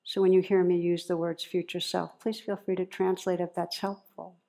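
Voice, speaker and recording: A woman meditation teacher giving a dharma talk in a gentle, unhurried, reflective way, leading into a guided practice. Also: fairly low pitch, level tone, vocal fry.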